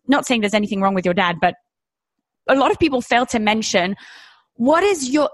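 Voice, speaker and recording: A woman's voice: mid-range voice, no room sound. A woman hosting a podcast in casual chat, blunt and teasing, swearing freely. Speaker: podcast host.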